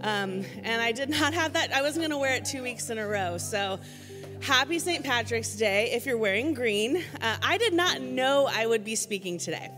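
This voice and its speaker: A woman's voice: fairly high pitch, animated, normal speed, bright, forceful tone, long reverb tail, soft background music. A woman giving a casual church sermon from the stage, telling chatty, self-deprecating stories with many fillers. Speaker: guest speaker filling in for the pastor.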